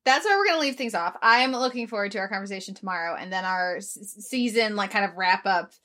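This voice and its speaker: A woman's voice: medium pitch, expressive, fast, bright, forceful tone. A woman hosting a casual podcast chat, talkative with frequent restarts. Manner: chatty, laughs often, rambling restarts. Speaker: podcast host.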